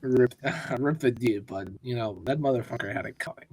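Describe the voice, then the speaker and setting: A man's voice: mid-range voice, normal speed, darkish tone, breathy edge, no echo. A man co-hosting a casual pop-culture podcast, ranting with lots of swearing. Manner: profane and ranting. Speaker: podcast co-host. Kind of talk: casual chat.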